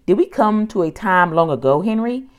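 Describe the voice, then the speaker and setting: A woman's voice: medium pitch, animated, normal speed, pitched above the performer's own voice, natural voice. A woman reading a children's audiobook, voicing a bold, friendly young girl who loves animals, in an eager, coaxing tone. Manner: eager, coaxing, raised bright tone.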